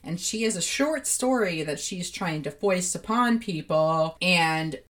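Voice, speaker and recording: A woman's voice: fairly low pitch, expressive, measured pace. A woman co-hosting a podcast, recapping a TV episode in casual chat with a sardonic, swearing manner. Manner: sardonic, swears freely while recapping the plot. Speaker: podcast co-host.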